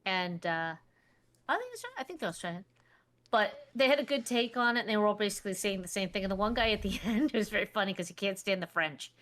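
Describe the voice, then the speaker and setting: A middle-aged woman co-hosts a casual podcast chat. She is opinionated and retells what she saw in plain, steady talk. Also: mid-range voice, fast. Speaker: podcast co-host.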